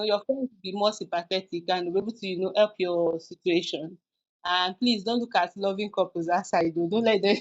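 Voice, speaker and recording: A woman hosts a podcast in a relaxed, confessional tone. She restarts often and fills pauses as she gives casual advice. The recording is a little dull and lo-fi. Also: mid-range voice. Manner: frank, confessional, with many restarts and fillers. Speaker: podcast host.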